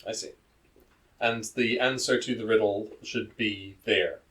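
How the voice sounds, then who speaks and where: A man playing a tabletop game, talking in a measured, thoughtful way. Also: on the low side, steady tone, a bit bright, distant mic, rough recording. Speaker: player.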